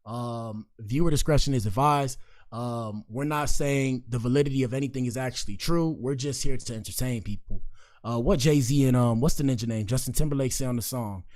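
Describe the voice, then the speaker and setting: Man hosting a podcast, mid-pitched, slangy and joking, rambling asides. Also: a little fast, a little mellow. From Miami, Florida. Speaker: podcast host. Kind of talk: casual commentary show.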